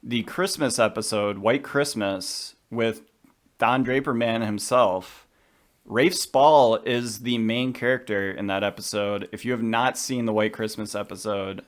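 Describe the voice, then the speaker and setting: A man co-hosting a podcast, chatting casually and with strong opinions about a film. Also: on the low side. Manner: chatty, opinionated, quick asides. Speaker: podcast co-host.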